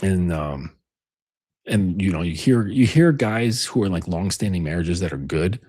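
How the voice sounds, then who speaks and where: A deep-voiced man with a husky edge talks in a dry, close recording. His pitch swings widely as he rambles through dating advice. He is full of fillers and acts out what people say. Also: expressive, moderate pace, dark tone, dry recording. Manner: rambling, filler-heavy, acts out quoted lines. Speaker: dating coach. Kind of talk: casual monologue.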